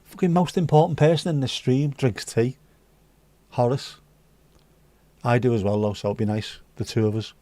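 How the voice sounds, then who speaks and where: A man's voice: mid-range voice, fairly even intonation, normal speed, pauses often, warm tone. A man hosting a casual livestream, bantering cheekily with viewers and swearing freely. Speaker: livestream host serving virtual drinks. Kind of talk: casual chat.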